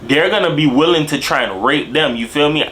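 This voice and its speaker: A young man in casual reaction commentary, talking in animated street slang and tagging his lines with "bro" and "dog". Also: fairly high pitch, brisk, slight background noise. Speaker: video commentator.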